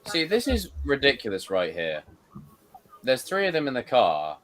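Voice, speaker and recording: A man's voice: mid-range voice, wildly swooping pitch, normal speed, fairly bright tone, a little hiss or hum. A young man casually commenting on a horror film with friends, joking and swearing. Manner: crude, joking, riffing on the film. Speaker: watch-party host.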